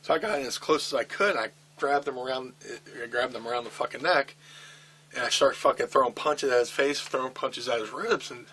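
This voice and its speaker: Bright-voiced man swearing through a story. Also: mid-range voice, brisk, slightly rough. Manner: profane, animated storytelling with acted-out quotes. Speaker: wrestler telling a backstage story. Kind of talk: candid shoot interview storytelling.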